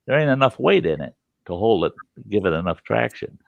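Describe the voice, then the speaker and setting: A man hosting a storytelling show, telling a rambling, folksy, animated tale and swearing casually as he goes. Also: on the low side, fairly quick, vocal fry, no room sound, highs cut off. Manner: animated, folksy, swears casually, chuckles through his tales. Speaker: podcast host.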